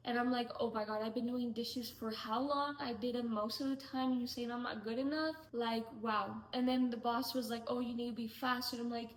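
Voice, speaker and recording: A young woman vlogs a storytime rant in a slightly high, flat voice, exasperated and chatty, full of "like"s. The room around her is echoey. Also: a little hiss or hum. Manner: exasperated, fast and chatty, many "like"s. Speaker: vlogger.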